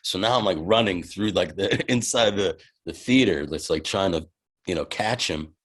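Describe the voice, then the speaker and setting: A man in his forties, a podcast guest, telling an animated, profane anecdote with many restarts and bursts of laughter. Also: sits low, moderate pace. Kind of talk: casual storytelling.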